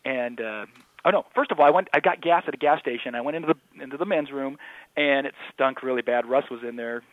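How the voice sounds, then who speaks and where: A man guest telling comedy-club anecdotes in casual interview talk, animated and acting out the voices of people in his stories. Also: mid-range voice, quick pace, dry recording. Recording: tinny phone line.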